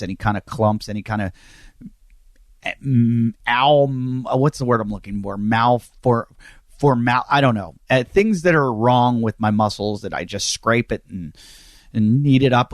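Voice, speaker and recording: A man's voice: lowish voice, normal speed, no room sound, clean studio sound. Joking, rambling podcast host man. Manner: joking, rambling, self-mocking. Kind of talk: casual comedic monologue.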